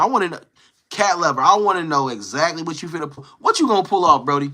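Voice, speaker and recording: Chatting casually on a live stream, a young man teases the trolls among his viewers in playful trash talk. His slightly high voice moves quickly, with big pitch swings and a pushed, bright quality.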